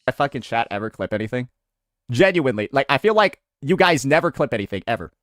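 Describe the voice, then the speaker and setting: Cocky swearing streamer dude, voice jumps all over, bright and dry sounding. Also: male voice, mid-range voice, very animated, fast, dry recording. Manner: profane, boastful, blunt. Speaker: streamer in played clips. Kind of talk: casual stream talk.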